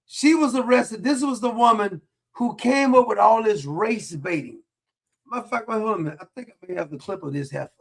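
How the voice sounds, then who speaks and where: A man with a high, gravelly voice rants through a commentary monologue. His delivery is combative and mocking, and he hammers the same points again and again. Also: fairly quick. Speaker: political commentary host. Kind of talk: ranting monologue.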